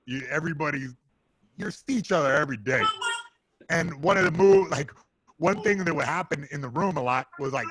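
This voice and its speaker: A man, a podcast guest, telling animated, joking fight stories in casual chat. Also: a little high, noisy background. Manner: loud, joking, animated storyteller.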